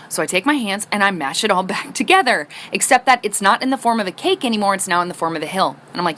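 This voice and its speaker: A woman's voice: medium pitch, lively intonation, quick pace, few pauses, sharp tone, slight background noise. A woman telling funny family stories into her phone, bubbly and dramatic, acting out the quotes and laughing a lot. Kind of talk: storytime monologue. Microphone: phone selfie recording.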